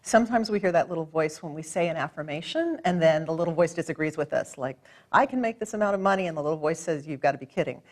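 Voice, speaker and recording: A woman practitioner gently coaching a client through a tapping session, encouraging and calm. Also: low-pitched, quick pace.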